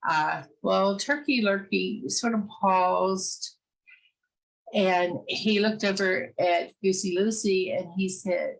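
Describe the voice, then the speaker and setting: A woman telling a children's fairy tale in a casual, gentle way, pausing often with "uh". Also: mid-range voice, creaky, rough recording. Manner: gentle, many "uh" pauses. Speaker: storyteller. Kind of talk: casual storytelling, reading a fairy tale aloud.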